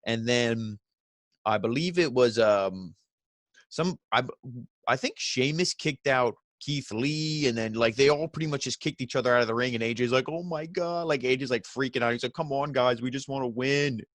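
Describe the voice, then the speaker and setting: A man's voice: medium pitch, moderate pace, fairly bright tone, dry recording. Rambling man recapping wrestling. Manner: rambling, restarts mid-sentence, acts out quotes. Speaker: wrestling show reviewer. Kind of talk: casual recap podcast.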